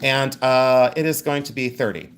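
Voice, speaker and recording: A man hosts a live jewelry sales stream, chatting casually, joking, laughing, and describing rings and pendants with enthusiasm. His clear, resonant voice sits at medium pitch and moves at a moderate pace.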